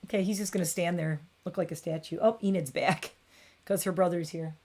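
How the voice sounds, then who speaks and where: A woman's voice: lowish voice, fairly even intonation, a little fast, a little mellow. A woman in her forties chatting casually on a beauty livestream from her home bathroom, rambling and cooing at her cat.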